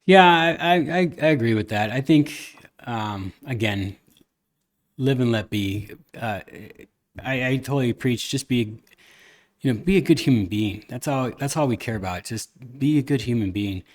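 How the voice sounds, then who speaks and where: A man's voice: mid-range voice, moderate pace. A man hosting a podcast, chatting casually and retelling a family story, with lots of restarts, quoted dialogue and the odd cuss word. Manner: animated storyteller, many restarts, retells dialogue, occasional cussing. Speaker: podcast host. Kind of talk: casual chat.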